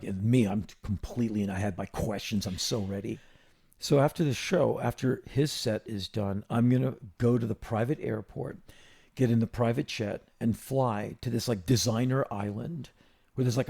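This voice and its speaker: A man in his fifties, hosting a podcast and telling a long story in a casual, animated way, with quick restarts. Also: lowish voice, gravelly. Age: 50s. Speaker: podcast host.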